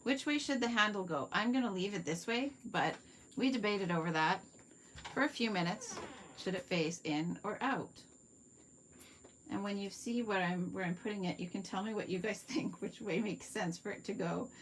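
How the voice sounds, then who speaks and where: Heard with a little hiss or hum, a woman with a mid-range voice speaks at a moderate pace. She is a Canadian card-making demonstrator hosting a live craft tutorial, talking viewers through each step at her workspace and answering their comments.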